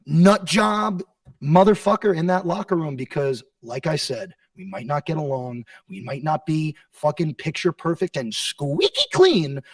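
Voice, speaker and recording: A man's voice: mid-range voice, no echo. A man answering press questions as a wrestling champion, brash and profane, bragging with heavy sarcasm. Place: press conference room. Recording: dry sound from a distant mic.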